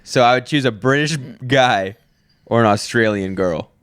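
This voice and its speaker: A man's voice: medium pitch, normal speed, fairly bright tone, clear, resonant tone, dry recording, clean studio sound. A man co-hosting a podcast, chatting casually in an easygoing, rambling way and laughing often. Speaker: podcast co-host. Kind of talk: casual chat.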